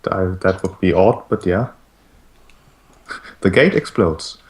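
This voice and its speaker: A man narrates a tabletop game as its game master, in a low voice. He often restarts his sentences with repeated words. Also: lively intonation, slow.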